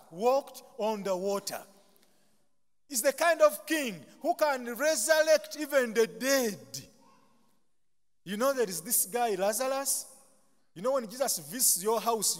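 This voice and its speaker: Ugandan man preaching in a reverberant chapel. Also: very high-pitched. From Buganda, Uganda. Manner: call-and-response, leaves sentences open for the congregation to finish; humorous asides with self-deprecating jokes. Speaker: pastor. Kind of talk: sermon.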